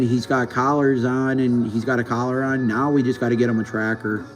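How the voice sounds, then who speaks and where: A man's voice: medium pitch, little pitch movement, moderate pace, few pauses, poor audio. A man talking casually to camera in a rambling way, stumbling, repeating words and swearing as he goes. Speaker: vlogger. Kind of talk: casual vlog talk. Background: faint music.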